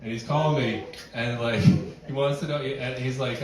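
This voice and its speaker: Casting note: young male comic, self-deprecating, meandering delivery, recorded from afar in a boomy room with a crowd. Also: fairly even intonation, normal speed. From New York City. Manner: rambling, self-deprecating, full of fillers and restarts. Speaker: stand-up comedian. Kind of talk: stand-up set. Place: barn venue with live audience. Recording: echoey room, distant mic, audience.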